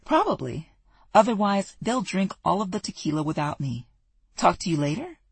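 An audiobook narrator voicing a warm, affectionate young woman, in a breathy tone. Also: mid-range voice, sing-song, normal speed, no room sound, voice pushed up. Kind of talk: audiobook character dialogue.

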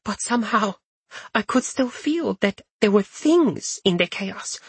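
A man voicing a kind, elderly female sprite in a high, thin voice for an audiobook. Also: unhurried, bright, forceful tone, slightly rough, dry recording, heavily acted. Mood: shaken.

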